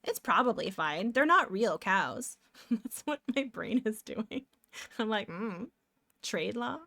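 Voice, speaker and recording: A woman's voice: fairly high pitch, big pitch swings, slow, pushed and bright. A woman from Canada, chatting casually with viewers while drawing, giggly and talking to herself as she works. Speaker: streamer.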